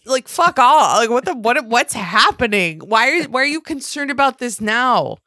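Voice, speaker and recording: A woman's voice: on the high side, expressive, normal speed, bright, forceful tone, no room sound, studio quality. A woman co-hosting a podcast, recapping a reality show in casual, sarcastic, exasperated talk with some swearing. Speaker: podcast co-host.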